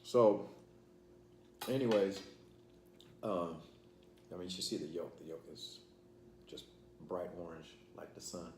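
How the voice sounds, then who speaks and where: While eating, a man hosting his casual vlog channel rambles and leans on fillers, pausing often. His voice sits low, a little slow and a little mellow, recorded in an echoey room with faint background noise.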